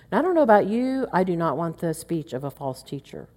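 A woman's voice: on the low side, very animated, fairly quick, hardly any pauses, darkish tone. A middle-aged woman teaching a women's Bible study, earnest and chatty, acting out muttered asides under her breath. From Oklahoma. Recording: long hall reverb.

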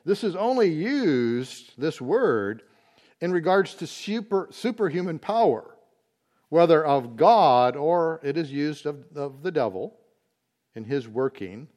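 A man teaching a Bible study, explaining word meanings slowly and deliberately, with occasional fillers. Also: a little high, very animated, a little mellow.

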